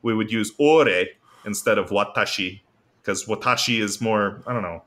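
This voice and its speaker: A man's voice: lowish voice, normal speed, a bit bright. A man co-hosting a casual podcast, rambling with lots of fillers as he explains basic Japanese. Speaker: podcast co-host.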